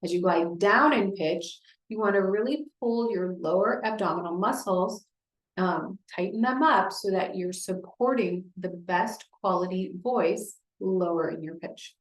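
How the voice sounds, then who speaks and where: A woman's voice: mid-range voice, measured pace, echoey room, low-quality recording. A woman speech therapist leading a group through voice exercises, encouraging and explaining each step.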